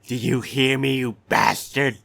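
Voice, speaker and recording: A man voicing an aggressive pockmarked tavern thug who shouts and threatens. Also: medium pitch, takes it slowly, pitched above the performer's own voice. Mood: hostile. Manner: menacing, shouting.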